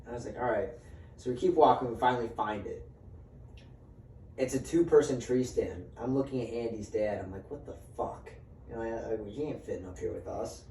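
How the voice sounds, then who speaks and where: Casual swearing storyteller in a roomy space. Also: male voice, mid-range voice, brisk, dark tone, a little hiss or hum. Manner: swears freely and acts out quoted dialogue. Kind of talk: casual storytelling among friends. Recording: roomy sound from a distant mic, faint ambience.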